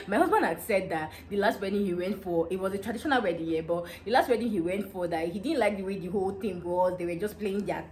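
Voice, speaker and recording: A young woman from Delta State with a Nigerian accent, telling a casual story to her viewers in an animated, excitable way that often breaks into laughter. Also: medium pitch, fast talker, a little hiss or hum. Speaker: vlogger.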